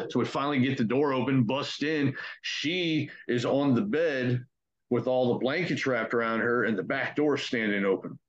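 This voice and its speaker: A young man tells a ghost story in a relaxed, profane, conversational way, jumping into the voices of his friends as he goes. His pitch sits in the middle range. The recording sounds dull and lo-fi. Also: normal speed. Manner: profane, conversational, acts out quotes. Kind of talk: casual spoken ghost story.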